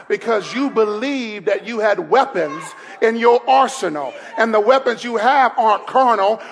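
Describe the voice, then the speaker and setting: A man preaching a sermon as pastor, laughing between lines and building to shouted, repeated calls to the congregation. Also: high voice, creaky, a little hiss or hum. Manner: repeats phrases, laughs while speaking.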